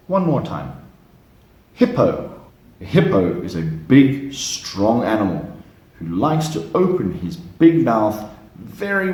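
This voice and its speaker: A man running a flashcard lesson for small children, talking slowly and leaving room for them to repeat each word. His fairly low voice swings lively up and down, and the recording has a roomy echo. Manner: slow, lively, encouraging repeat-after-me prompts. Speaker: English teacher for young children. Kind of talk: slow flashcard lesson for kids.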